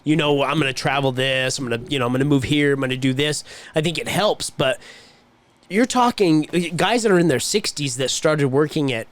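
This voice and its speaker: A man's voice: fairly high pitch, a little fast. A man co-hosting a podcast, joking along and chatting about work and retirement. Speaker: podcast co-host. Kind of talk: casual chat.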